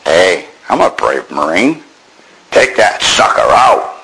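A man's voice: deep voice, huge pitch swings, slow, gravelly, bright, forceful tone, husky, low-quality recording. An older man from Maine telling his own war story with dry, wry understatement. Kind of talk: personal storytelling.

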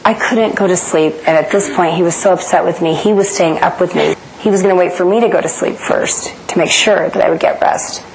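A woman's voice: on the low side, brisk, noisy background. A woman, earnestly telling an emotional personal story and acting out the dialogue. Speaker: guest telling her story. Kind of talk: personal testimony.

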